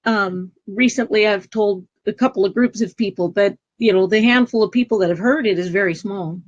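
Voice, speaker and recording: A woman guest telling a personal spiritual story in an earnest, emotional, halting way. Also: mid-range voice, lo-fi sound.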